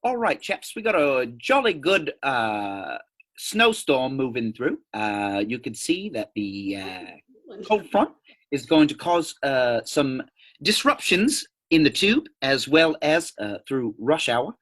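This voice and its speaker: A man playing a weatherman in a put-on British accent, halting with many fillers. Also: mid-range voice, very animated, fairly bright tone, voice pushed down, full character voice. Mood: playful.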